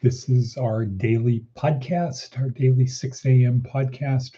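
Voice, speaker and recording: A man's voice: medium pitch, fairly even intonation, unhurried, dark tone, slightly rough, muffled recording. A man hosting his daily morning podcast in a rambling, casual way, repeating phrases for emphasis. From Nevada. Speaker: podcast host.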